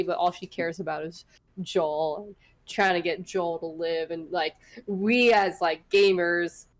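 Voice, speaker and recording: A young woman co-hosting a podcast in casual chat, animated and swearing freely. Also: lowish voice. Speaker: podcast co-host.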